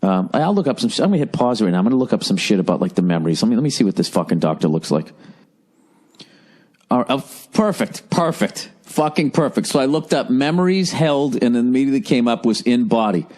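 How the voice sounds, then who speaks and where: A man's voice: medium pitch, sing-song, fast, darkish tone. A middle-aged man with a Boston accent rants alone into the mic on his podcast. His delivery is sarcastic and full of swearing, and he rambles from tangent to tangent in an ordinary mid-range voice. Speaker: podcast host. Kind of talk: solo comedic podcast rant.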